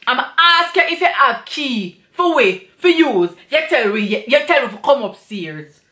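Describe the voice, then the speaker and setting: A woman with a Jamaican accent tells an indignant story in an animated way. Her voice sits fairly high and has a bright, forceful edge. The echoey room rings around her. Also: moderate pace. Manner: animated, indignant retelling in patois. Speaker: vlogger. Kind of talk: storytime review.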